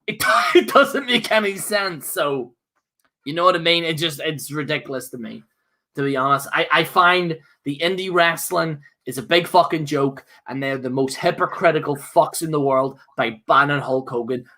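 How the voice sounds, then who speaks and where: A man's voice: a little high, normal speed, sharp tone, a little hiss or hum. A man co-hosting a podcast, ranting with fiery, profane outbursts broken up by laughter. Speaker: co-host. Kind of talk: heated podcast rant.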